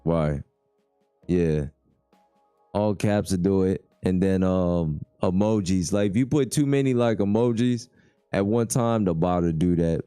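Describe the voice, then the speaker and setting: Low, mellow-voiced livestream host. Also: male voice, measured pace, clear, resonant tone, dry recording, clean studio sound, faint music behind. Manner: laid-back, reads chat comments aloud. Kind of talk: casual livestream chat.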